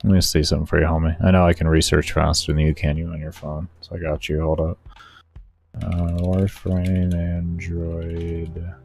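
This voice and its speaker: A man's voice: deep voice, little pitch movement, moderate pace, vocal fry, darkish tone. A male streamer in laid-back, slangy casual chat, talking to his viewers. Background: faint background music.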